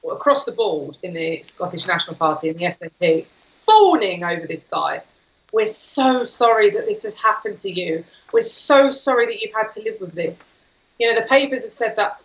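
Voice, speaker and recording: Female guest with a bright, tense edge, insistent and fluent, mid-pitched. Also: poor audio. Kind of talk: talk show conversation.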